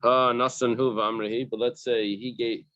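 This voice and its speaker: A man's voice: medium pitch, flat delivery, moderate pace, a bit bright. A man teaching a casual study-group class, explaining the text step by step and translating each phrase into plain English. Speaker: Talmud teacher. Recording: dull lo-fi recording.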